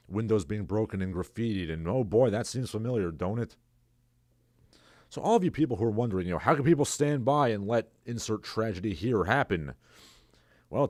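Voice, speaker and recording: Sarcastic guy rambling through his stream, kinda low dark voice, reads the chat out. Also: no room sound, clean studio sound. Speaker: livestream host. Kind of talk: casual solo commentary.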